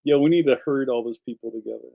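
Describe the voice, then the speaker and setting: A man's voice: mid-range voice, fast, gravelly, narrow, tinny audio. A man from Philadelphia hosting a casual live stream, rambling from topic to topic and answering viewer comments. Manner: rambling, jumps between topics. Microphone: streaming setup.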